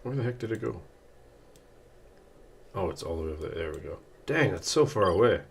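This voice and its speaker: A young man gives casual, joking commentary while playing a video game, full of slang. His voice sits low yet swings lively in pitch. A faint hum of ambience sits behind him. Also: fairly quick, vocal fry. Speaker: gaming streamer.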